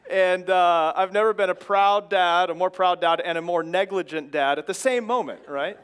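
A man's voice: very high-pitched, normal speed, hardly any pauses, a bit bright, smooth. A man in his thirties preaching a sermon in an earnest, exhorting way, pressing his points with repeated phrases. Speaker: pastor.

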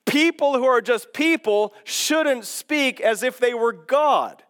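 A man preaching a sermon as pastor, teaching in an animated way and posing rhetorical questions to his listeners. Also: extremely high pitch, takes it slowly.

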